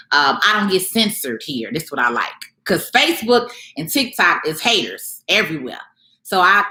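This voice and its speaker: A woman's voice: on the low side, pushed and bright. Emphatic woman coaching on a live stream. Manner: emphatic, conversational, keeps asking "you get what I'm saying"; mocks others in raised playful voices. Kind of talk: casual live-stream talk to followers. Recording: echoey room.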